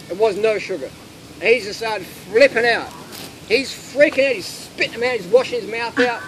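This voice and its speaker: Blunt, fairly high-voiced man outdoors. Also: brisk. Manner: blunt, animated storytelling. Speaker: speaker answering audience questions. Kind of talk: casual Q&A talk with anecdotes. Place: outdoor festival gathering. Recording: noisy outdoor ambience with traffic.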